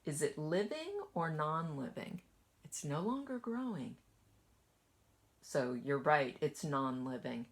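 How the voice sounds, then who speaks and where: A woman kindergarten teacher gently reading a picture book aloud to children and asking them questions as she goes. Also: deep voice. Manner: slow, lively sing-song storytelling.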